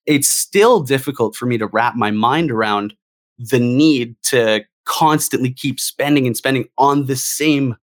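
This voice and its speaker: Male guest, average pitch, lively and emphatic, repeats himself for punch. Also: a little slow. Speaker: guest gamer. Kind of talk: casual discussion.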